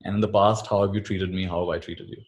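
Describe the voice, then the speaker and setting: Lowish-voiced guy teaching spiritual stuff, gentle and calm, repeats things quietly. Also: quick pace. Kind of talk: teaching talk.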